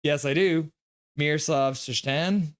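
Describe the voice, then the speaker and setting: A man's voice: on the high side, slow, dry recording, clean studio sound. A young man hosting a live stream, calling hockey play-by-play in a jokey, chatty way and reading viewer comments aloud. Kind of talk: live play-by-play and chat reaction.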